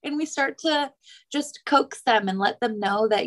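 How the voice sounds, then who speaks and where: A young woman hosting a podcast interview, talking in a chatty, rambling way and jumping up high when she quotes others. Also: unhurried. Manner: animated, rambling, jumps high for quoted voices. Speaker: podcast host. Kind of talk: casual interview chat.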